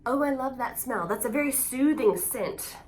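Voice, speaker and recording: Bubbly high-voiced woman vlogger. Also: normal speed. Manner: excitable and gushing. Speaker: AuthorTube vlogger. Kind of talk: casual unboxing vlog.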